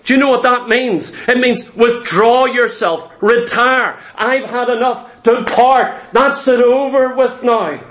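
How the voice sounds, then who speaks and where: A man's voice: very high voice, a little slow, hardly any pauses, a bit bright. A man preaching a sermon, emphatic and repetitive, acting out little scenes as he goes.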